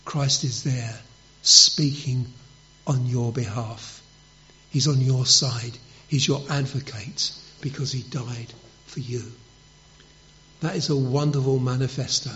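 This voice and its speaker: A man's voice: medium pitch, a bit bright. A man preaching a sermon, telling stories and asking rhetorical questions with emphasis. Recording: dull lo-fi recording.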